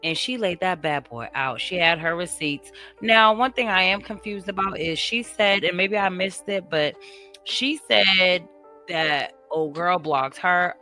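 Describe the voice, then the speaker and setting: A woman's voice: on the low side, unhurried, faint music behind. A woman casually reacting to a clip and recapping what the speaker said. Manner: animated, recaps and quotes the clip. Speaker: reaction video host.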